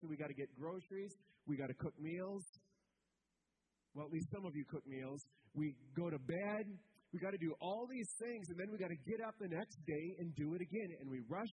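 A male pastor giving a relaxed, conversational sermon with touches of humor, often checking in with the congregation. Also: on the high side, husky, rough recording. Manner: informal, humorous, asks the congregation "right?".

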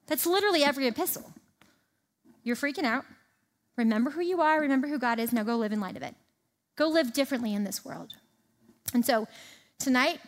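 A woman with a high voice preaching a sermon. She talks in a relaxed, conversational way, reads passages aloud, then retells them in plain everyday words. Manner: animated, conversational, reads scripture aloud and paraphrases it casually. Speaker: speaker teaching a Bible passage.

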